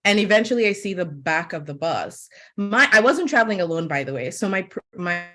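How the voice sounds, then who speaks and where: A woman from Sierra Leone with an American accent tells an animated personal story on a webinar panel, using lots of "like" fillers. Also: fairly low pitch, brisk, faint music behind. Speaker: webinar guest, media host.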